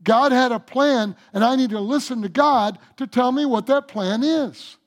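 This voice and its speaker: A male pastor with a high voice delivers a sermon. He swings from loud, fervent exhortation down to quiet, hushed reflection. He acts out the lines of the scripture figures with animated voices. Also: moderate pace.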